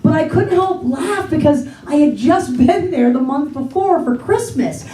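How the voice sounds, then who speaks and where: A woman's voice: sits high, animated, unhurried, a crowd in the background. A woman from the Pittsburgh area doing a stand-up comedy set on a theater stage, telling chatty, self-deprecating stories. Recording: roomy stage sound from a distant mic.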